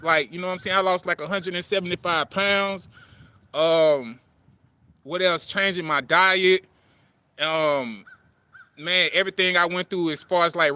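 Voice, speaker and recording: Man, vlogger, casual motivational rant; heavy slang and cursing, earnest and rambling; high, bright voice, dry close sound. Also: dry recording. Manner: street slang, heavy swearing, repeats "man" and "you know what I'm saying"; rambling, earnest, greets passers-by. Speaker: poet and vlogger. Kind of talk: casual motivational talk to camera.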